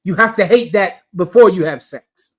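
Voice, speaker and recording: A man's voice: high voice, moderate pace, breathy edge. A man preaching to a room in a blunt, crude and scolding way, firing pointed questions at his listeners. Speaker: preacher lecturing a class. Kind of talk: preaching commentary.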